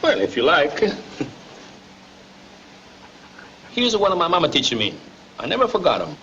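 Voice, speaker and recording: An actor playing a hot-tempered but big-hearted Italian immigrant grocer, speaking broken English with an Italian accent and Italian phrases. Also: male voice, on the high side, wildly swooping pitch, fast, sharp tone, exaggerated voice. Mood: tender. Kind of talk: 1930s film acting. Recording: dull scratchy 1930s film soundtrack.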